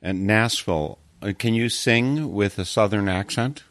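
A man interviewing a musician, asking questions in an easygoing, unhurried way. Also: lowish voice, a bit bright, no room sound, clean studio sound.

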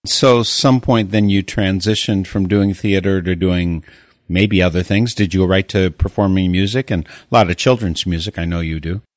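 A man hosting a radio interview show, reading his intro in a slow, earnest, reverent way and then chatting with his guest. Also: low-pitched, no echo, studio quality. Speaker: radio host.

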